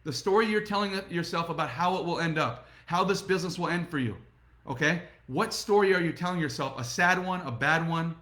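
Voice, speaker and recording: A middle-aged man giving an energetic motivational talk to camera and speaking straight to his viewers. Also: a little high, fairly quick, echoey room. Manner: energetic, repetitive, addresses viewers directly. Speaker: network marketing motivational speaker.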